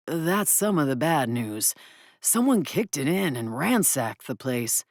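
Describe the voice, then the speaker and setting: A woman voicing a calm male friend who speaks slowly and steadily. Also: low voice, dry recording, studio quality, full character voice. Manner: slow, measured.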